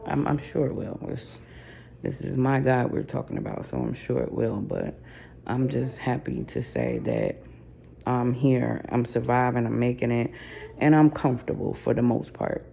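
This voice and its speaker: A tired woman talking to her camera in a casual personal vlog, low on energy, sighing often and speaking from the heart. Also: lively intonation, normal speed, vocal fry, warm tone, slight background noise. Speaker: vlogger. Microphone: camera mic.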